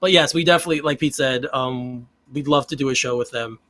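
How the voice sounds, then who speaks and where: A man's voice: mid-range voice, fast, a bit bright. A man hosting a casual live-streamed podcast, chatting and making announcements to viewers. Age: older than his co-hosts. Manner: wraps up with announcements, friendly sign-off. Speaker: podcast host.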